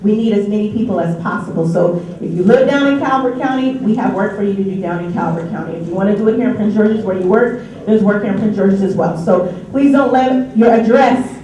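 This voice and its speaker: A woman's voice: medium pitch, brisk, few pauses, warm tone, slight background noise. A woman giving a state board report, earnestly urging members to get involved. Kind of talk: meeting report. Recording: dull, echoey hall from far off.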